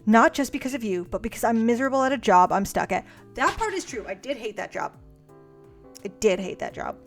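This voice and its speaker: Young female streamer, high-ish voice, sarcastic and profane; quiet music underneath. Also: lively intonation, a little fast. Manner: sarcastic, swears freely, mocks her past self. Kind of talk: casual chat reading old diary letters aloud. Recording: faint music behind.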